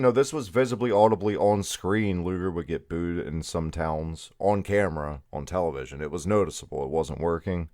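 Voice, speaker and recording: A man's voice: on the low side, a little mellow, no room sound, clean studio sound. A man hosting a casual podcast review, wry and self-mocking, swearing freely. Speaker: podcast host. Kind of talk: casual chat.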